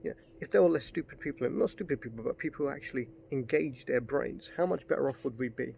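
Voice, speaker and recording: A middle-aged man talks through a book review in a loose, rambling way, and he turns heated and swears. His voice is gravelly with fry at the phrase ends. A faint noise sits behind him. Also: mid-range voice, fast talker, darkish tone. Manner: rambling, gets worked up and swears. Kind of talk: casual spoken book review.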